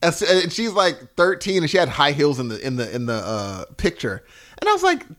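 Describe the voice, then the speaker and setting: A man in his thirties co-hosts a casual podcast, laughing easily and dropping slang. His pitch swings widely and sits a little high. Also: sing-song, brisk, fairly bright tone. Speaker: podcast co-host. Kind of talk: casual chat.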